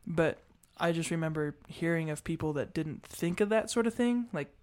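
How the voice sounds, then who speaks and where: Young adult male co-host, relaxed, a touch high-pitched. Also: moderate pace, clean tone. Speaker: podcast co-host. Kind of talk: casual chat.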